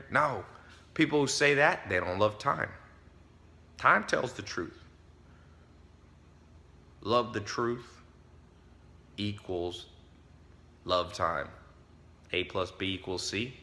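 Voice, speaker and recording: A man's voice: medium pitch, bright, forceful tone. A man giving casual motivational advice straight to the camera, emphatic and preachy, chuckling between points and eating as he talks. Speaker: vlogger giving life advice.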